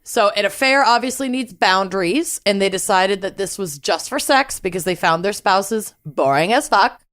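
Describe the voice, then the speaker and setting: A woman podcast host telling a case in a lively, laughing storytelling manner. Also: medium pitch, normal speed. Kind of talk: casual chat.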